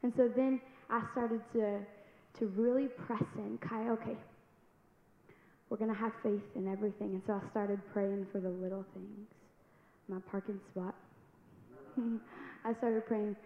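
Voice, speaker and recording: A woman's voice: medium pitch, fairly even intonation, a little slow. Young woman speaker, earnest testimony style, large church room, faint background noise. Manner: earnest storytelling, breaks into laughs, rises to loud exhortation. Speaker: youth speaker giving testimony. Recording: echoey hall, dull sound, faint noise.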